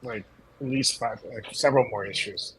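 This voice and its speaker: A man's voice: medium pitch, moderate pace, a crowd in the background, low-quality recording. A man co-hosting a casual livestream about comic art, chiming in with short remarks and reasoned asides. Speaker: co-host of a comics history show.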